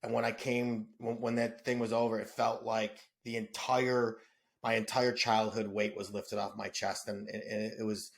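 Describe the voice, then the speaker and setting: A man's voice: fairly low pitch, flat delivery, normal speed, vocal fry. A middle-aged man from Detroit, a podcast guest talking earnestly and emotionally, often stammering and repeating words. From Detroit, USA. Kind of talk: casual conversation.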